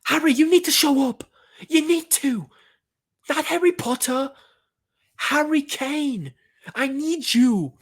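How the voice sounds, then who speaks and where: A man's voice: very high voice, slow, long pauses, pitched above the performer's own voice, exaggerated voice. A man putting on an English accent to deliver an urgent, pleading mock pep talk, swearing as he pushes. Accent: English, put on.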